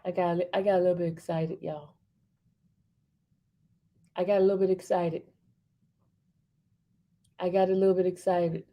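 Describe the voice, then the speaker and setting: A woman hosting a casual livestream, chatting excitably with her viewers and repeating herself often. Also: on the low side, normal speed, pauses often. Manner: addresses the audience as "y'all" often. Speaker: livestream host.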